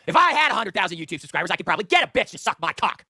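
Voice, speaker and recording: A man's voice: sits high, very animated, rapid-fire, bright, forceful tone, no echo, clean studio sound. A man in his thirties ranting in a vlog monologue, profane, exasperated and self-pitying. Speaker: online video maker.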